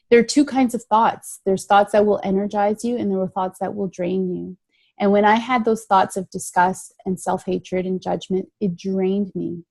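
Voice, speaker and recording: A woman's voice: mid-range voice, vocal fry, a little mellow, no echo. A middle-aged woman telling her recovery story in an interview, earnest and emphatic, often repeating key phrases. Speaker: guest sharing recovery story. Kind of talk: interview answers, reflective.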